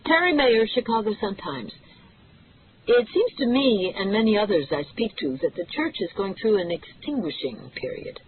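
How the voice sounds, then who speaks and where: A reader voicing a woman reporter with a Midwestern accent, asking brisk, probing questions, heard through tinny audio. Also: medium pitch, expressive, breathy edge. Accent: Midwestern American.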